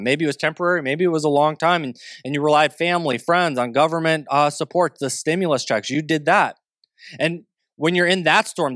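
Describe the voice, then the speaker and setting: A man's voice: a little high, fairly bright tone, dry recording, clean studio sound. A man preaching a sermon in a plain, conversational way, walking listeners through a Bible story. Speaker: pastor.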